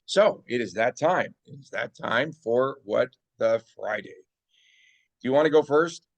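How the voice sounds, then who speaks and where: This Las Vegas man hosts a sports podcast, keeping the chat casual. His medium-pitched voice is expressive and creaky, moving at a measured pace, and he teases playfully, often feigning outrage.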